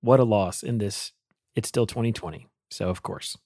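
A man's voice: lowish voice, moderate pace, dark tone, no echo, clean studio sound. A man co-hosting a casual talk show, light and self-deprecating. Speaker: podcast co-host. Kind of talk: casual chat.

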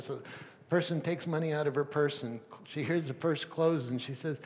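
Emphatic pastor preaching in a reverberant hall. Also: male voice, fairly high pitch, fairly even intonation, fast talker. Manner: emphatic, rising to loud peaks then dropping soft; stammering restarts, rhetorical questions. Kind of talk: sermon. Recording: long reverb of a large hall.

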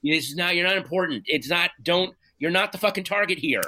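A man being interviewed, speaking candidly and earnestly in halting bursts, with frequent restarts and some swearing. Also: high-pitched, slight background noise. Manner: earnest, halting, profane, animated retelling. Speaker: guest.

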